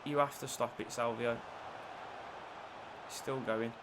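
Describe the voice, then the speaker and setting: A man commentating on his own football video game play, shifting between low muttering and shouted excitement. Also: measured pace, noisy background. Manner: lively, swings from low mutters to shouted celebrations. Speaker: gaming YouTuber.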